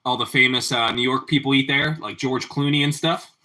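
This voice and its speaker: Male livestream host, bright forward voice, casual kitchen chat, repeats himself. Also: mid-range voice, brisk. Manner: relaxed, answers viewer chat, often repeats his phrases. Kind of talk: casual chat while cooking. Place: home kitchen.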